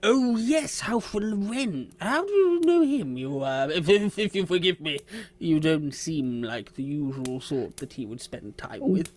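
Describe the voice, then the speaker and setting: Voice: medium pitch, unhurried, lightly acted. A game master playing a pompous fat townmaster. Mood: condescending. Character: fat, pompous middle-aged town official.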